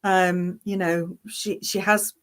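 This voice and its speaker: A lower-pitched English woman talks with a softened, near-London accent. She chats loosely in an interview, with lots of fillers, restarts and quick laughs. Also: little pitch movement. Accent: English, near-London neutral. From Yorkshire, England. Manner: chatty, laughs often, many fillers and restarts. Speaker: actress and online parody creator. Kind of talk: casual interview chat.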